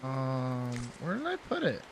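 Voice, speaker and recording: A man's voice: medium pitch, wildly swooping pitch, measured pace, creaky, background noise. A man chatting casually while streaming a game, playful and rambling, swearing now and then. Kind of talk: casual gaming livestream chat.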